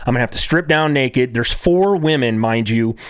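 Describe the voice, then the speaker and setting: A man's voice: mid-range voice, moderate pace, clean tone, dry recording, clean studio sound. A young man telling his own story casually to viewers, rambling with many fillers and repeated words.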